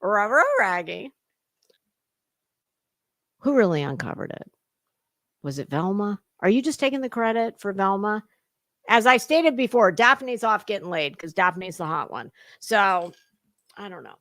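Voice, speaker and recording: With a bit of brightness in her medium-pitched voice, this middle-aged commentary host reacts sarcastically at a moderate pace, her intonation lively. She mocks, curses, and slips into put-on voices, all in echo-free, studio-quality sound.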